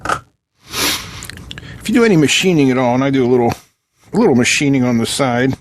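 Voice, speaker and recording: A man hosting an electronics tutorial from his workbench, talking casually and joking with viewers while he solders and tests a circuit board. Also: mid-range voice. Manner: joking, chatty asides while working. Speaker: electronics channel host.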